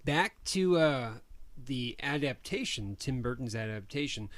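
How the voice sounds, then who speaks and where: A man's voice: medium pitch, lively intonation, measured pace, fairly bright tone. A man co-hosting a film podcast in casual chat, joking and telling anecdotes with quoted dialogue. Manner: jokey, tells stories with acted-out quotes. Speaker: podcast co-host.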